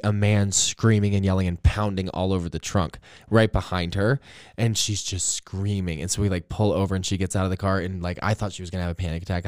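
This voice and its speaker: Young male podcast host, low smooth voice, rambling casual storyteller, dry close sound. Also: no echo. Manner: rambling, animated storyteller with many "like"s and profanity.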